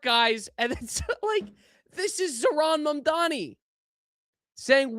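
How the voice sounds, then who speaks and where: A young man hosting a podcast, giving casual political commentary in an animated, incredulous way that keeps trailing off and restarting. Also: very high-pitched, slow pace, no echo, clean studio sound. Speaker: podcast host.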